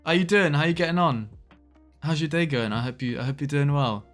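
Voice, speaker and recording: A man's voice: a little high, a little fast, soft background music. A young British man streaming live, chatting casually to viewers, greeting them by name, laughing often and trailing off mid-sentence.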